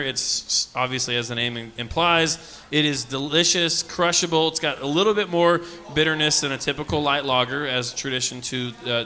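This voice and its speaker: Upbeat male host, bright voice. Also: mid-range voice. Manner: upbeat, quick to laugh. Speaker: podcast host. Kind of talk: casual interview chat. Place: bar with live audience.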